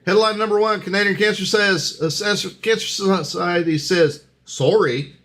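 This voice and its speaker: A man's voice: high-pitched, moderate pace, a bit bright. A man hosting a headline quiz on a live talk show, joking and announcing in a playful way. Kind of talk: casual live show chat.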